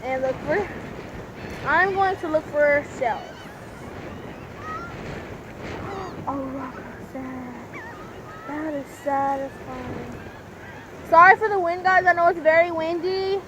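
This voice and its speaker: A teenage girl vlogging casually at a beach, excitable and calling out to people nearby, filmed on a handheld phone camera. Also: high voice, a little slow. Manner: excitable, shouts at others. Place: windy beach outdoors. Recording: loud wind noise on phone mic.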